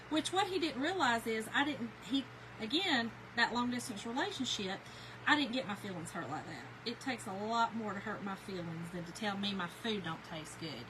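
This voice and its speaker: A woman's voice: on the high side, animated, normal speed, noisy background. A middle-aged woman from Kentucky with a Southern accent, chatting casually with a live audience and telling folksy stories. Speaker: crafting livestream host. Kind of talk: casual chat reading live comments.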